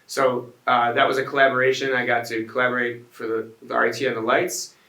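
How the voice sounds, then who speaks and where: A man gives a loose, rambling talk to an audience, his voice bright and slightly forceful. The sound is roomy, caught from a distance off the mic. He keeps restarting phrases and throwing in asides to the listeners. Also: mid-range voice, little pitch movement, fairly quick. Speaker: restaurant owner giving a design talk. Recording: echoey room, voice picked up from a distance.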